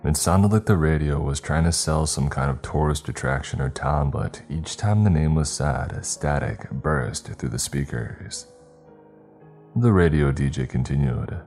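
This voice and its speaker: Very deep-voiced man narrating horror. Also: dark tone. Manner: measured, tense storytelling. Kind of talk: scripted horror story narration. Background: faint music.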